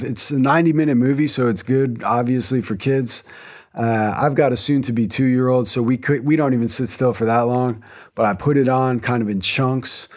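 A man in his thirties hosting a solo podcast from his home garage, talking casually, eagerly and with lots of restarts. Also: medium pitch. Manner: enthusiastic, rambling, self-interrupting. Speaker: podcast host.

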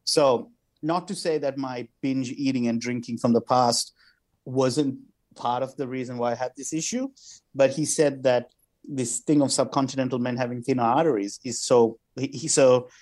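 A comedian in his thirties co-hosts a podcast, chatting casually at normal speed in a medium-pitched voice. He tells anecdotes with animated storytelling, acting out lots of quoted voices.

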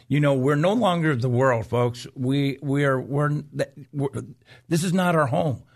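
A man's voice: fairly high pitch, unhurried. A man co-hosting a Christian talk show, chatting casually and preaching to viewers, with many restarts and "you know"s.

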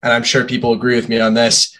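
Opinionated podcast co-host, plain voice. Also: male voice, mid-range voice, completely flat delivery, fast, pushed and bright. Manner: opinionated, conversational. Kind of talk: casual sports podcast chat.

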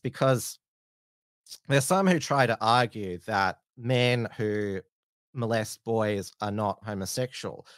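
Halting man, low voice. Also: no echo, studio quality. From Australia. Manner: halting, many "uh" fillers and restarts. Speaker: news show host. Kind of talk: casual live-stream news commentary.

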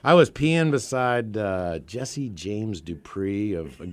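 A man's voice: on the low side, animated, takes it slowly, over a noisy crowd. A man co-hosting a podcast, telling stories in a rambling way, correcting himself and laughing as he goes. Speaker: podcast co-host. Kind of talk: casual storytelling chat.

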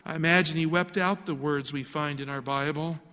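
Male preacher, high-pitched, earnest and emphatic, sermon in a reverberant hall. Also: fairly even intonation, normal speed, sharp tone.

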